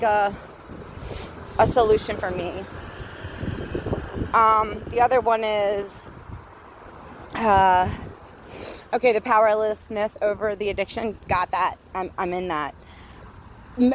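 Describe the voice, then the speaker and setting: A woman's voice: medium pitch, a little hiss or hum. Profane ranting woman walking outside. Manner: blunt, profane, ranting, laughs often. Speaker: vlogger. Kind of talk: casual walking monologue. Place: outdoors, walking near traffic.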